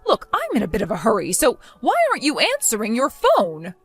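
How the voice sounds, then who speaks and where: A spiteful, domineering older mother-in-law, voiced by a woman, hurling insults and accusations. Her voice sits fairly high and swings widely in pitch. She talks down to everyone with open contempt. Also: wildly swooping pitch, fairly quick, a bit bright, slightly rough, faint music behind, exaggerated voice. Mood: demanding.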